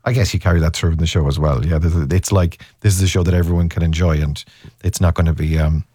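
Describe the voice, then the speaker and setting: A man hosts a casual chat, his voice sitting low. He rambles and restarts his sentences a lot, and the sound is close and dry, with no room around it. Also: steady tone, dark tone, husky, dry recording. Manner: rambling, halting, many restarts. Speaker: interviewer.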